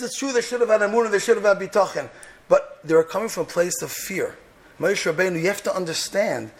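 A man giving an impassioned sermon on the Torah portion, swinging from loud rhetorical questions to soft, hushed lines and peppering his English with Hebrew terms. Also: a little high, gravelly. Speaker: Torah teacher.

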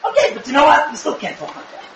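A young man giving an animated religious lecture to a live audience, firing rhetorical questions with bursts of shouting. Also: very high voice, fast talker, echoey room, noisy background. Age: young adult. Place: room with an audience.

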